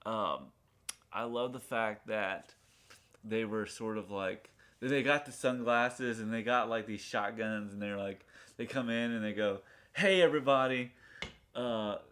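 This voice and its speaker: A man's voice: fairly low pitch, steady tone, measured pace, a bit bright, smooth. Rambling man retelling a TV episode. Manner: rambling retelling full of fillers, acting out lines from the show. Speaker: podcast co-host reviewing a TV pilot. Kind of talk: casual chat.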